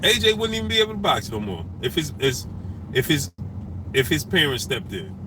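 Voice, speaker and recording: Animated high-voiced New man ranting. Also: brisk, noisy background. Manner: animated, repetitive, emphatic street talk. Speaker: boxing talk show host. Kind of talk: live-stream commentary, shouting out viewers.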